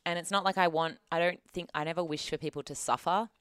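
A woman's voice: on the low side, fairly even intonation, quick pace, a bit bright, clean tone, no room sound, studio quality. An Australian woman in her thirties, co-hosting a casual podcast, telling a story in a chatty, sweary, rambling way. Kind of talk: casual chat.

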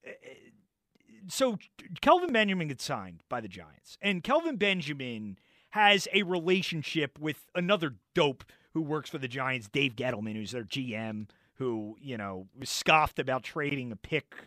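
A man hosting sports talk radio, loud and mocking, arguing and ranting from a studio mic. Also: mid-range voice, sing-song, unhurried, no echo. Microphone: studio microphone.

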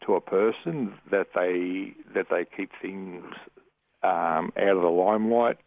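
An Australian man calling in to a radio show, talking in a friendly, rambling, halting way. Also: low voice, gravelly, dry recording. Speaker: caller. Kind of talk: call-in radio talk. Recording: tinny phone line.

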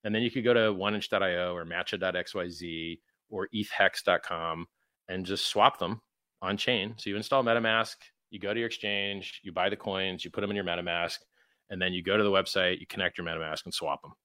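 A man's voice: low voice, steady tone, brisk, sharp tone, dry recording, studio quality. A man being interviewed, talking emphatically and acting out quoted exchanges in mocking voices. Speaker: guest, crypto founder. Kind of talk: animated interview talk.

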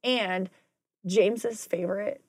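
A woman's voice: medium pitch, steady tone, slow pace, darkish tone, no room sound, studio quality. Chatty woman recapping a TV episode. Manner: chatty, rambling with side notes and acted-out quotes. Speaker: podcast co-host. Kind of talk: casual recap chat.

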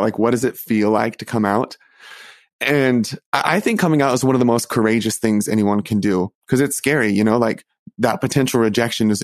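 A young man earnestly telling a personal story, halting often and restarting his sentences. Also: lowish voice, no room sound. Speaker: storyteller recounting his coming out.

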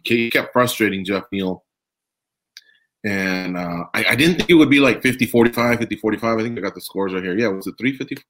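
A man hosting a casual sports talk show, animated and rambling, asking his co-host questions. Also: low-pitched.

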